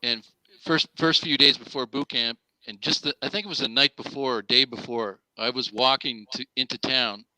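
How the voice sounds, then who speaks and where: Canadian man, very bright voice, lively storyteller, dry sound. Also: medium pitch, normal speed, dry recording, low-quality recording. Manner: animated storyteller, swears freely. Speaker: actor guest. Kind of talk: casual video call storytelling.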